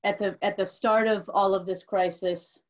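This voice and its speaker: A woman's voice: medium pitch, steady tone, normal speed. A woman lawmaker answering a question at a virtual town hall, opening with thanks and stumbling over many restarts. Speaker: legislative leader. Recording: dull lo-fi call audio.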